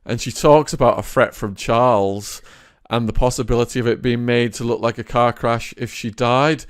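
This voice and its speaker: A man hosting a podcast, asking measured questions. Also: medium pitch, steady tone, clear, resonant tone, dry recording, clean studio sound. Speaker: podcast host. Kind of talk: interview questions.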